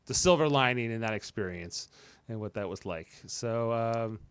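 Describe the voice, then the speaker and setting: A man hosting a podcast, casually recapping an episode and slipping into quick playful voices for the characters. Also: fairly low pitch, lively intonation, clear, resonant tone, no room sound. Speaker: podcast host.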